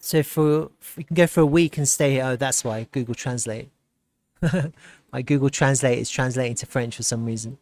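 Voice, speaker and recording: A man hosting a live stream, chatting casually and reacting with excitement and frequent laughter as he browses. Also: mid-range voice, normal speed. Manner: excitable, laughs often, thinks aloud while browsing. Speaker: livestream host.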